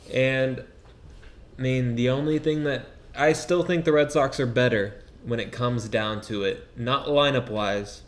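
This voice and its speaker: A young man co-hosting a podcast, chatting casually about sports in a quick, excitable way that often trails off mid-sentence. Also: on the low side. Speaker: podcast co-host.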